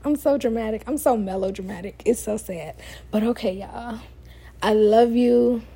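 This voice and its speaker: A woman's voice: medium pitch, moderate pace, slightly rough. A young woman hosting a casual solo advice podcast, sassy and conversational, tired late at night. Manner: sassy, conversational, animated asides. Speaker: podcast host.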